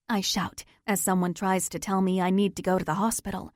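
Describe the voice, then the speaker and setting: A woman's voice: mid-range voice, flat delivery, moderate pace, hardly any pauses, a little mellow, dry recording, clean studio sound. A woman narrating a first-person romance audiobook in a tense, dramatic manner.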